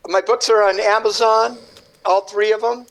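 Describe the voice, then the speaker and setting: A man with a very high speaking voice appears as a guest artist on radio, wandering through a story at normal speed with lively energy and mimicking the people involved in little voices. The audio is poor.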